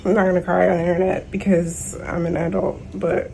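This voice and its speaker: A young woman vents into her camera at home, stressed and worn out. Her voice sits fairly low, and her talk is exasperated and full of slang. Faint room ambience hums behind her. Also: level tone, fairly quick, vocal fry, darkish tone, a little hiss or hum, poor audio. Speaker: vlogger. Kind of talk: casual video diary.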